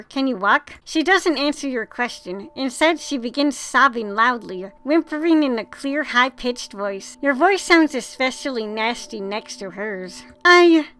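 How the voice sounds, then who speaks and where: A woman with a high voice reads a text adventure game aloud. She reads expressively and swears now and then as she plays. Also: a little slow, few pauses. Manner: expressive reading with casual swearing. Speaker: gamer.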